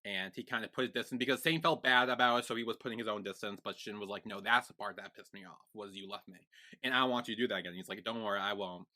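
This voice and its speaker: A man co-hosting a podcast, recapping a TV series in casual chat, rambling and excitable with lots of fillers. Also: fairly low pitch, quick pace. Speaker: podcast co-host.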